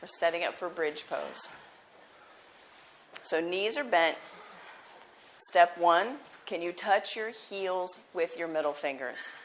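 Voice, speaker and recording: Slow, low-voiced woman yoga teacher. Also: slight background noise. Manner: calm, encouraging instructions. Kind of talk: live yoga class cues. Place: yoga studio.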